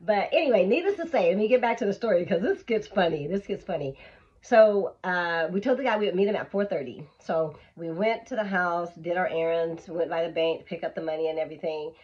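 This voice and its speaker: A woman vlogger telling an animated, emphatic storytime, on a dull lo-fi recording. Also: fairly low pitch, a little fast, breathy edge. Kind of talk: storytime vlog.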